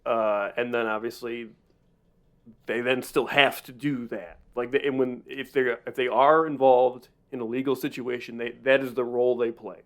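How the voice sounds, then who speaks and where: A man's voice: medium pitch, fairly even intonation, moderate pace, fairly bright tone. A man co-hosting a podcast in casual comedic chat, telling stories in a rambling way with many restarts. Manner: rambling, self-interrupting storyteller. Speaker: podcast co-host.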